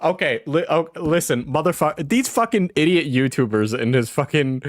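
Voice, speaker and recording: A man's voice: fairly high pitch, expressive, normal speed, no echo, clean studio sound. A man streamer reacting to a clip, mocking it, laughing often and swearing freely. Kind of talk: casual reaction commentary.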